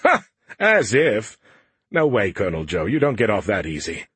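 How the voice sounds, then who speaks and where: A man's voice: lowish voice, huge pitch swings, moderate pace, fairly bright tone, slightly rough, no room sound, heavily acted. A man voicing a smug, boastful male alien AI that mocks the humans in a playful, snarky way.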